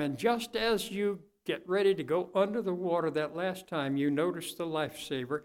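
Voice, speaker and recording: An older male preacher with a fairly high voice delivers a sermon to a congregation. He talks like a folksy storyteller, dropping into soft asides and then climbing to loud, fervent peaks. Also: normal speed, few pauses.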